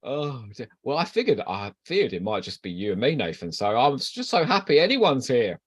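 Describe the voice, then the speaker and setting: A man's voice: mid-range voice, big pitch swings, normal speed, husky, no room sound. A man hosting a livestream, chatting casually and teasing his co-host with flirty banter before the show starts. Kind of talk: casual pre-show chat.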